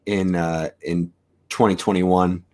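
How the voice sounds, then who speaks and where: A man's voice: low voice, takes it slowly. Rambling man on a video call. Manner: relaxed, rambling, many fillers and restarts. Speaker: camera shop co-host. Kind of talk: casual shop talk on a video call.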